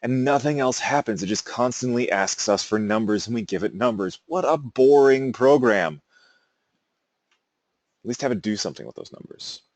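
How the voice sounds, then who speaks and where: A man's voice: mid-range voice, expressive, normal speed, creaky, dry recording. A male teacher giving a casual classroom lecture, wandering into amused side stories. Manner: casual, rambling, self-amused asides.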